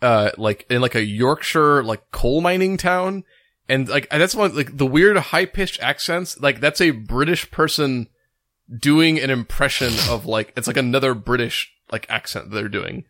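A man's voice: medium pitch, animated, a little slow, a bit bright, no room sound, studio quality. A man co-hosting a podcast in casual chat, rambling with lots of "like" fillers and restarts. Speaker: podcast co-host.

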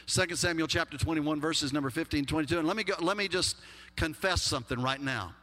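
Emphatic Texan pastor in a reverberant hall. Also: male voice, fairly high pitch, fast, sharp tone. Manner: folksy and emphatic, with humorous asides. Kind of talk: sermon.

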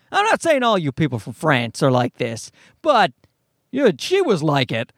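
A man's voice: high voice, huge pitch swings, normal speed, a bit bright, no echo, studio quality. A man, likely in his thirties, telling a comic story as a profane, exasperated rant.

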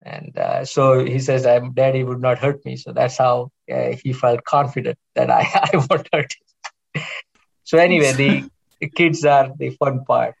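A middle-aged man with a gravelly voice chats as a guest, telling long stories about his work and family. He restarts his sentences often and speaks in a relaxed, unscripted way. The sound is a little dull and lo-fi. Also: medium pitch, a little slow. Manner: rambling, warm storytelling with restarts. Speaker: interventional cardiologist guest. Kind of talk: casual interview chat.

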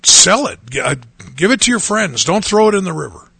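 A man's voice: high voice, sing-song, a little fast, gravelly, sharp tone, breathy edge, dry recording, pitched above the performer's own voice, full character voice. A man voicing a coaxing devil. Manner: coaxing, insistent. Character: tempting male devil voice in a man's head.

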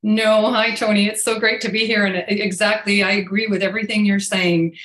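A woman's voice: mid-range voice, flat delivery, a little fast, a bit bright, echoey room. A woman speaking as an interview guest, agreeable and friendly as she answers the host. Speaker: guest, life coach. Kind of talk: interview conversation.

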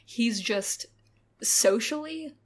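A woman's voice: a little high, expressive, drawn-out words. Rambling young woman podcaster. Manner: rambling, self-deprecating, laughs often. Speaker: podcast co-host. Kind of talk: casual chat.

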